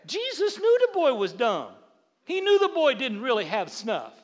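A man's voice: very high-pitched, normal speed. A middle-aged man preaching a sermon, telling funny stories about his wife and acting out her lines, often repeating words as he builds up. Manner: animated, repeats words, acts out his wife's voice. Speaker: pastor. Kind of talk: sermon with humorous storytelling. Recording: long reverb of a large hall.

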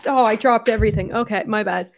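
A young woman in her twenties, hosting a casual livestream while tearful and crying, speaking haltingly with soft laughs. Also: on the high side, slight background noise.

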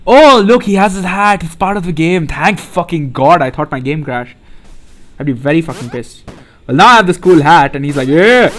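Young man, let's play host, excitable, profane, slightly high voice. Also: slight background noise. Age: young adult. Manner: excitable, profane, often laughing. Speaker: gaming channel host.

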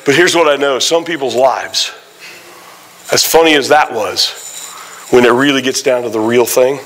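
Guy preaching in church, bright pushy voice, tells stories all lively and exclaiming. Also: medium pitch, moderate pace, low-quality recording. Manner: animated storytelling with exclamations. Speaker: guest pastor. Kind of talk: sermon. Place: church sanctuary.

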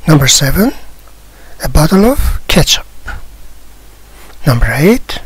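A teacher going through workbook exercises, explaining in a slow, soft, partly whispered way. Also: mid-range voice, very animated, breathy edge, no echo, poor audio.

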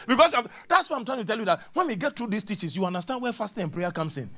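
A man preaches, his voice pitched high for a man. He preaches dramatically, booming out some lines and murmuring others low. He laughs at his own jokes as he goes. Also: animated, very fast, hardly any pauses, fairly bright tone. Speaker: pastor. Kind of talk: sermon.

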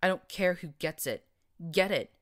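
A huge metal-armored monster stallion, put on by a woman reading aloud in an audiobook. His voice grates, low and deep, every word crude and menacing. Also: moderate pace, a bit bright. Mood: impatient, bellowing.

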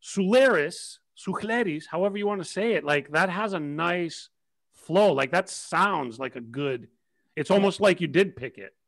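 A man with a high voice hosting a relaxed panel of DJs. He is enthusiastic and jokey, often laughing and cheering his guests on. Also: normal speed, vocal fry. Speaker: host. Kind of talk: casual interview chat.

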